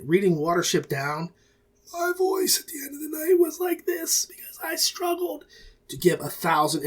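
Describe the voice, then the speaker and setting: A man's voice: on the high side, husky. A middle-aged man hosting an audiobook review podcast, talking in a rambling, folksy, self-correcting way. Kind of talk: casual review monologue.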